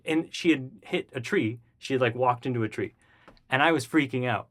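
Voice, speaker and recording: Guy telling a story in an interview, does the voices, gets loud and squeaky when hyped. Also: a little fast. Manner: animated, acts out the voices of people in his story; jumps high and loud when excited. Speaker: interview guest.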